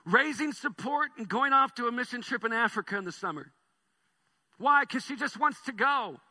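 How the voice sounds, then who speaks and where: A male pastor delivering a sermon in a high, very bright voice. He tells stories with lively energy, dropping soft and then rising loud. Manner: animated storytelling, swings between soft and loud.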